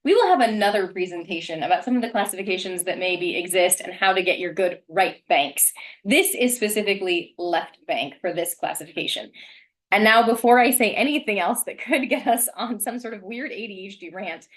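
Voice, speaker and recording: A woman's voice: medium pitch, expressive, fairly quick. Woman, wine student, informal rambling presenter, leans on "um" fillers. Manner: chatty, rambling, frequent "um" fillers. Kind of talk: casual educational presentation.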